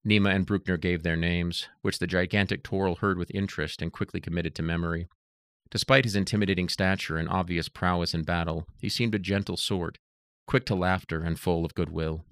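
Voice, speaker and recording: A man narrating an audiobook in a steady, even reading voice. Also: low-pitched, a little fast, no room sound.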